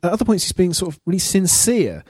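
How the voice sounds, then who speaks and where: A man's voice: sits high, big pitch swings, fast, darkish tone, breathy edge, no echo. A man from England co-hosting a casual review podcast, thoughtful and hedging, with a dry wit. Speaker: podcast co-host.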